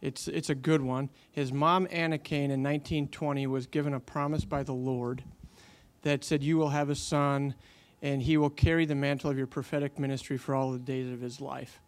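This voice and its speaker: A man's voice: mid-range voice, flat delivery, normal speed. A man telling a long faith story in casual conversation, animating the quotes he tells, with many fillers.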